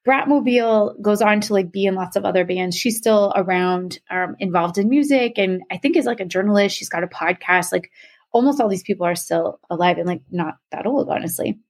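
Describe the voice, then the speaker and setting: A woman's voice: medium pitch, a little fast. Young woman rambling through a podcast explainer, lots of um and like, easygoing chat. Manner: chatty, many fillers like "um" and "like". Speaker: podcast co-host presenting a topic. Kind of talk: casual conversational explainer.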